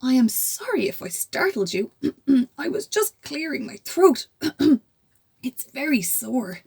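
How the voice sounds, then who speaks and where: A woman doing a throat-clearing troll. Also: high voice, sing-song, takes it slowly, a little mellow, pitched above the performer's own voice, heavily acted. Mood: apologetic. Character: male troll with a sore throat.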